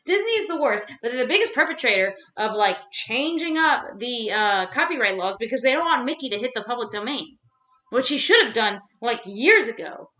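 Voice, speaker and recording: A young woman rants casually to camera at home, rambling and swearing freely. Her voice sits a bit high and swings widely in pitch. The sound is bright, with a roomy echo around it. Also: a little fast. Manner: rambling, swears freely, animated ranting with fillers. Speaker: vlogger. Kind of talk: casual ranting chat.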